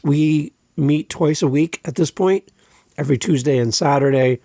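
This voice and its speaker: A man's voice: on the high side, normal speed, gravelly, warm tone, dry recording, studio quality. A man hosting his own podcast, talking casually and earnestly, encouraging listeners and often repeating himself. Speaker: podcast host. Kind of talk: casual solo podcast talk.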